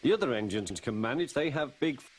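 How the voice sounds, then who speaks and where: A man's voice: medium pitch, lively intonation, a little fast, breathy edge, pitched above the performer's own voice. A man voicing a male engine fireman who complains in an earnest way. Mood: complaining.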